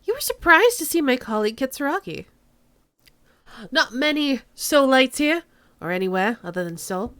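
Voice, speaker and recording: A man's voice: very high voice, big pitch swings, moderate pace, a bit bright, clean tone, no echo, clean studio sound, exaggerated voice. A woman voicing a nervous middle-aged man in a game who answers a detective's questions with defensive politeness.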